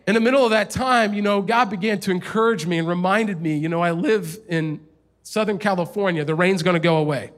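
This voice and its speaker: A man in his thirties, a pastor preaching a sermon and telling a personal story with animated storytelling. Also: brisk. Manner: storytelling, animated, rising in pitch when telling of frustration.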